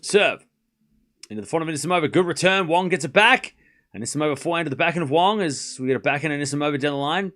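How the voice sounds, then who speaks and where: A man with an accent calls tennis points live on his stream, talking in short bursts about each rally. His voice is animated and jumps up sharply when a big point lands. He sounds like a casual streamer, not a broadcast booth. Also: a little high, fast. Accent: non-native English accent. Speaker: livestream tennis watchalong host. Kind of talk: live play-by-play scoring commentary mixed with chat replies.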